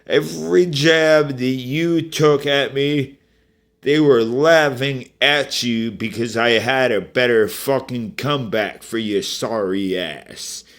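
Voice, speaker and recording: A man's voice: medium pitch, takes it slowly, fairly bright tone. A man giving a rambling, profane personal rant in a vlog, often restarting and speaking directly to the people he is angry at.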